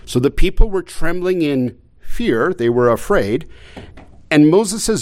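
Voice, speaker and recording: A man's voice: on the high side, very animated, unhurried, a little mellow. A man preaching a sermon, often stumbling into repeated words and asking his listeners rhetorical questions. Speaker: pastor.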